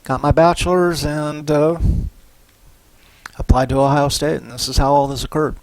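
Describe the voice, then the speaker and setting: A middle-aged man giving a university psychology lecture in a relaxed, conversational way, often tagging on "right?" and "you know". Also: fairly high pitch, moderate pace, no room sound, rough recording. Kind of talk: recorded lecture.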